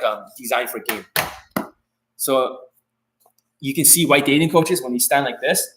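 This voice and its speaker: A man holds a live stream Q&A as a dating coach. His voice sits at an ordinary middle pitch. He talks bluntly and curses freely, rambling and circling back over the same phrases. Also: fairly bright tone, rough recording. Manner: repeats and restarts phrases.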